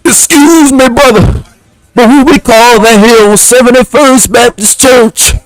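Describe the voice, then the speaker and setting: A man putting on the voice of a nosy, smooth-talking middle-aged preacher, with a drawling, sing-song church cadence. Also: very high voice, a little slow, dry recording, faint music behind, pitched above the performer's own voice, rough recording. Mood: mock-pious.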